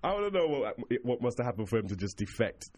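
Lively co-host, big swoops in pitch, faint hiss behind. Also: male voice, fast talker. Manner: animated, laughs often, repeats words. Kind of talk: casual chat.

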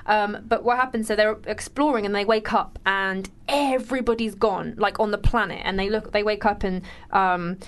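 A woman's voice: medium pitch, moderate pace, hardly any pauses, fairly bright tone, clear, resonant tone. Chatty woman co-host. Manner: chatty, rambling, many fillers. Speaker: podcast co-host. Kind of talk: casual chat.

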